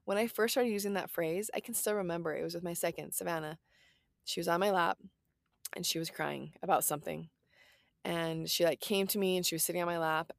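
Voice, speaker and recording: Low, gravelly woman giving parenting advice. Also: no room sound, studio quality. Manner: earnest, reassuring, lots of "like" and "right?". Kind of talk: casual parenting advice talk.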